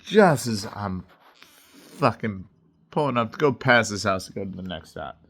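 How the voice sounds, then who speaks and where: A man's voice: on the low side, lively intonation, a little slow, fairly bright tone. A man telling a story in a casual vlog, intense and heavy on swearing, often checking in with "right?" and "you know". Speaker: delivery driver telling a story.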